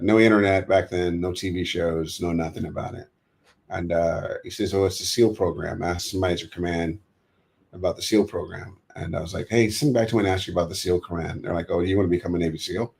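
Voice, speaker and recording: Here a deep-voiced American man with vocal fry appears as an interview guest, telling stories from his past. He animates each tale by acting out the voices of those he quotes.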